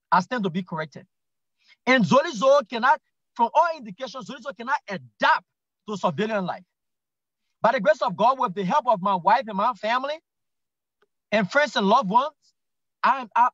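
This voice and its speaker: A Liberian man with a strikingly high voice makes his case on a talk show, emphatic and repetitive, stumbling through restarts. The sound is dry and dull, a touch lo-fi. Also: fairly bright tone, no room sound. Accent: Liberian English. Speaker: guest commentator. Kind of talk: political talk show commentary.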